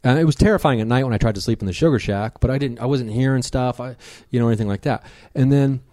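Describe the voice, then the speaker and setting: A man who is a podcast guest, telling a rambling, animated story in casual conversation, with many fillers. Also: mid-range voice, fast, no echo, clean studio sound.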